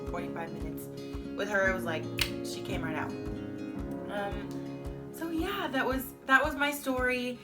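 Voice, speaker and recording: A young woman vlogger telling her story in a chatty, candid way, full of "like" fillers. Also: medium pitch. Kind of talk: casual storytime vlog.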